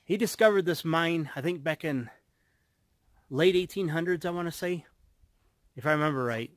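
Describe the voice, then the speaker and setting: A man rambling casually to his viewers while walking outdoors on a high mountain road, a little out of breath. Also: moderate pace, no room sound. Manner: rambling, chatty, loose. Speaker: vlogger.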